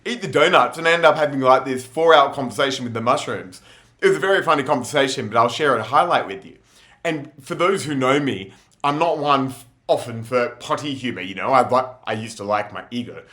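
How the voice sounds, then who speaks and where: Bright-voiced laughing guy. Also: medium pitch, fairly quick. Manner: rambling, laughing often, slangy. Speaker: vlogger. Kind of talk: casual storytelling monologue.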